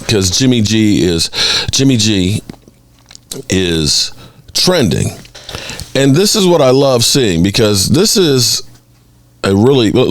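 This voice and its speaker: Animated low-voiced man ranting about sports. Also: no room sound. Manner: animated, exasperated, mocks critics in exaggerated voices. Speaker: sports podcast host. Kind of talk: opinionated sports commentary.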